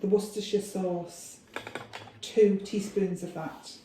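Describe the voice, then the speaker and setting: A patient woman coaches a cook through a recipe in a home kitchen. Her voice is mellow and sits a little back from the microphone. The room is very echoey, with a faint noise behind her. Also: mid-range voice, flat delivery, slow, recorded from a distance. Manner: patient, coaxing. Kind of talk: casual instructions while cooking.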